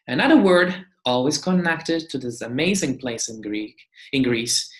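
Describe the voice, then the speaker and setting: Very low-voiced woman teaching slowly. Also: lively intonation. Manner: repeats each word several times, explaining patiently. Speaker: language teacher. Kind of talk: slow beginner lesson with repeated drills. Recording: echoey room.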